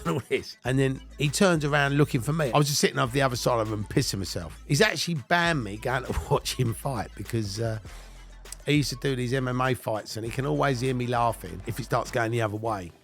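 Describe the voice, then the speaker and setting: A man's voice: medium pitch, brisk, creaky, soft background music. An English man in his fifties telling blunt, swear-filled stories about his own past and breaking into laughter as he goes. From England. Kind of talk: casual anecdotal storytelling.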